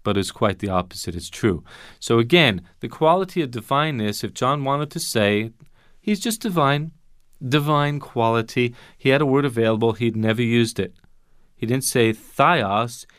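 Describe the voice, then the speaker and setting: A man's voice: medium pitch, animated, normal speed, fairly bright tone, clear, resonant tone, dry recording, studio quality. A man teaching Bible Greek grammar in an emphatic way, asking rhetorical questions and repeating his key points.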